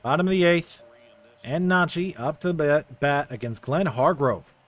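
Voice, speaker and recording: A young man narrating his baseball video game play by play, quickly getting frustrated at the game. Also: fairly high pitch, fairly bright tone. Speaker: gaming YouTuber. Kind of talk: casual video game commentary.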